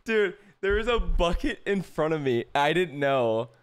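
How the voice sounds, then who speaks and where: A man's voice: fairly high pitch, sing-song, unhurried, clear, resonant tone. A man in casual chat, rambling with many fillers in a laid-back way.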